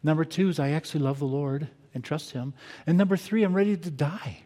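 Older pastor preaching in a reverberant hall. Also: male voice, on the high side. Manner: earnest, reflective, shifting between quiet pauses and emphatic bursts. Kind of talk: sermon. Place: church sanctuary.

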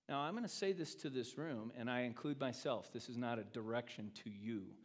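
Male pastor, lively sermon delivery that dips soft and rises loud, acts out the quotes; reverberant church room. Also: mid-range voice, a little fast, few pauses. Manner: animated, acts out quoted speech, swings from loud to quiet. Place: church sanctuary. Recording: long reverb of a church hall.

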